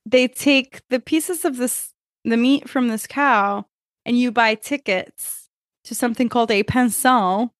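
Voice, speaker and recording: A woman co-hosting a podcast, talking casually with wry, deadpan asides. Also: fairly high pitch, measured pace, dry recording, studio quality. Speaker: podcast co-host. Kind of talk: casual chat.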